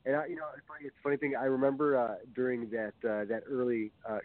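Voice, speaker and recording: A man chatting as a guest on a sports talk show, speaking haltingly with many fillers. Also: mid-range voice, little pitch movement. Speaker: guest friend. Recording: dry, tinny phone-like line.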